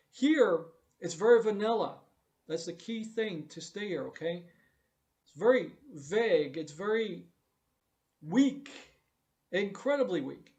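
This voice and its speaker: A man's voice: high voice, darkish tone. A man giving a blunt, profane, repetitive review of a TV show during a casual live stream. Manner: blunt, emphatic, profane, repeats himself.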